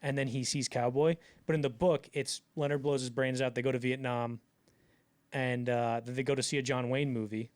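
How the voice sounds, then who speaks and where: A young man co-hosting a podcast in casual chat, talking animatedly and jumping into loud acted-out quotes. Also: medium pitch, normal speed. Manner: animated, acts out quotes in bursts, many fillers. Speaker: podcast co-host.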